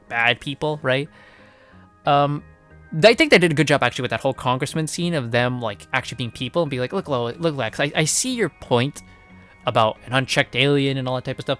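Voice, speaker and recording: A man giving a casual spoken movie review, rambling and swearing freely, with animated outbursts. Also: mid-range voice. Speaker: film reviewer.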